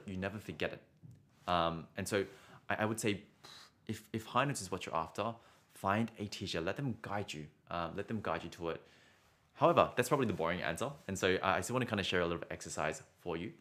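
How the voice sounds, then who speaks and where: A vocal coach with a low, slightly bright voice gives a casual singing lesson. He's chatty and encouraging, often finishing points with "right?" and restarting words.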